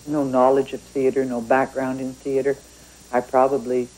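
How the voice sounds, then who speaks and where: A woman's voice: a bass voice, warm tone, low-quality recording. A woman from Canada, a writer talking about her work in a thoughtful, conversational interview. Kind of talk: reflective interview talk.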